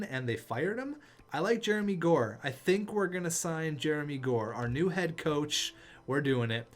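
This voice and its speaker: A young man commentating his hockey video game, exasperated and sarcastic, swinging from groans to outbursts. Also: a little high. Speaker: gaming YouTuber.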